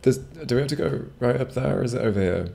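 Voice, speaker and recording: A man's voice: mid-range voice, lively intonation, fast talker, creaky, dark tone. A man streaming a game live, rambling casually, swearing freely and chatting with his viewers. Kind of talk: casual live gameplay commentary.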